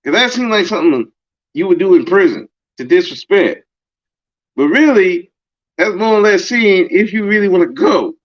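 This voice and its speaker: A man's voice: sits high, moderate pace. A man hosting a podcast, talking in a casual, emphatic monologue and acting out the lines of people he quotes. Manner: animated, emphatic, acts out quoted dialogue. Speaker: podcast host. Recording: dull lo-fi recording.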